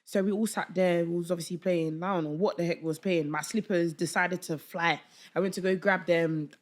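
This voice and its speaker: A young woman, a podcast guest telling a story in casual chat, animated and slangy, acting out the voices of people she quotes. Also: lowish voice, fairly quick. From London.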